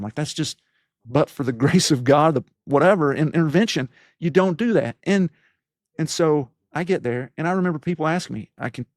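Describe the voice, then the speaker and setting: In a studio-quality recording with no room sound, a man in his fifties from East Tennessee, USA, a leadership podcast host appearing as a guest, recounts his own life story. His fairly high, slightly mellow voice sounds reflective and rambling, full of fillers and restarts.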